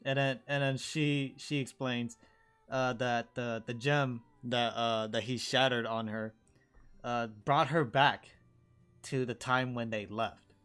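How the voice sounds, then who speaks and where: A man narrating a tabletop game as dungeon master in a relaxed, chatty way. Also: medium pitch, takes it slowly, clean tone, soft background music.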